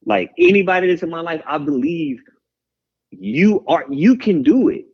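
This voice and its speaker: A man in his thirties talks in a bright, slightly raised voice that bounces all over. He rambles with hype-man energy. The audio is a bit dull and lo-fi. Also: fairly high pitch, expressive, moderate pace, breathy edge. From Houston, Texas. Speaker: guest musician. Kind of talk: candid interview talk.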